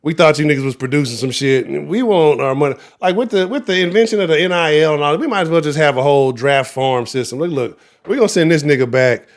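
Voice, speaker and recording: A man's voice: a little high, fast talker. A man with a Houston accent hosting a sports talk livestream, ranting angrily with heavy profanity. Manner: angry, profane, animated ranting. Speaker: sports talk show host.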